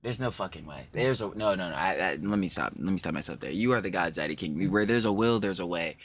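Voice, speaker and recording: A man hosting a casual reaction stream, animated and profane, repeating himself for emphasis. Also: low-pitched, fast talker, slight background noise.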